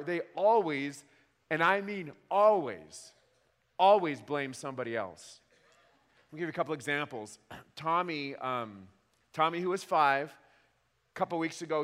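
Wry pastor preaching in a reverberant hall. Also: male voice, a little high. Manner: animated, wry storytelling with emphatic repeats. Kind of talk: sermon.

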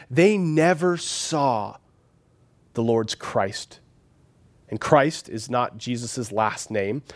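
Pastor, male, 30s, lively sermon delivery with acted-out quotes and hushed asides. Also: mid-range voice. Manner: animated, acts out voices in quotes.

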